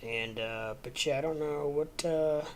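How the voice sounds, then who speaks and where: A man's voice: fairly high pitch, measured pace, a little hiss or hum. A man hosting a casual livestream from home, sleepy and rambling with lots of ums and uhs. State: sleepy, yawning. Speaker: livestream host.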